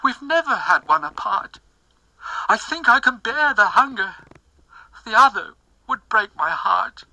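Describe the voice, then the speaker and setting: A man's voice: high-pitched, very animated, a little slow, creaky, pauses often, pushed and bright, dry recording, voice pushed up, exaggerated voice, rough recording. A man voicing a dying, starving old woman who pleads in a frail voice within a dramatic poem recitation. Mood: tender.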